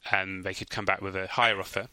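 A man with a low voice and a strikingly bright, crisp tone walks through things in a relaxed, lightly joking way. The recording is close and dry. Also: fast, no room sound. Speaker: podcast co-host. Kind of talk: casual conversational podcast.

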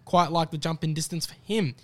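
A man's voice: on the high side, fairly even intonation, brisk, fairly bright tone. A man with an Australian accent co-hosting a podcast, giving confident, upbeat horse racing tips in casual banter. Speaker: podcast co-host tipping races.

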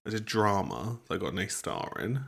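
A man's voice: lowish voice, very animated, brisk, gravelly, a bit bright. A young man co-hosting a podcast, chatting casually, blunt, wry and sweary. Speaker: podcast co-host. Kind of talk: casual chat.

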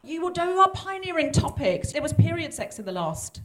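A woman hosting a live comedy podcast, asking questions with quick, chatty asides. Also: high voice, very animated, a bit bright. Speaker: host. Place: stage before a live audience.

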